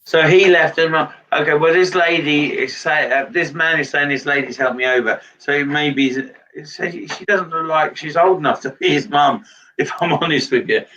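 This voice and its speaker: A fairly high-voiced man gives a live spirit reading, and he pauses often and fills the gaps as he goes. He sits back from the mic, and the sound is dull and lo-fi. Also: bright, forceful tone, far from the mic. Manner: halting, relays messages with many pauses and fillers. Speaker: medium giving a reading.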